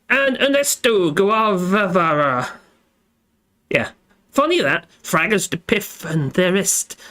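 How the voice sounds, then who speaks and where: Hosting a casual live stream, a man with a high, slightly bright voice chats in a rambling way, tagging his lines with little repeated phrases.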